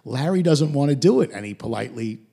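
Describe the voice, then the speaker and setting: Gravelly, animated man recapping a show. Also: mid-range voice, fast. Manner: animated retelling with put-on quote voices. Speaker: podcast host. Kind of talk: episode recap.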